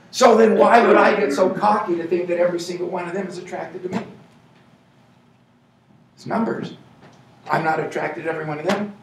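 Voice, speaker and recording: A high-pitched American man delivers a live motivational talk at a sales event. He jokes and then shouts his points for emphasis. The voice comes from some distance in a reverberant hall with faint background ambience. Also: slight background noise. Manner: energetic, playful, shouts for emphasis. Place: large event hall with audience. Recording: echoey hall, voice from afar.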